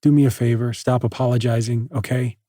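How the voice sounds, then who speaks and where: A man voicing a calm, gentle teenage girl. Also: medium pitch, a little fast, no room sound, studio quality, lightly acted. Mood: calm soothing. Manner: soft, calm, reassuring.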